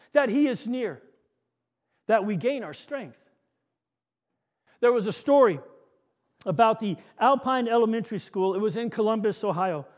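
A man preaching a sermon, telling stories and dropping to a soft hush on key lines. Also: extremely high pitch.

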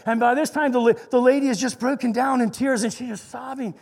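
Guy preaching a sermon, really high voice, earnest, repeats himself for emphasis. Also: steady tone, fast, creaky, a little mellow. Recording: long reverberant echo.

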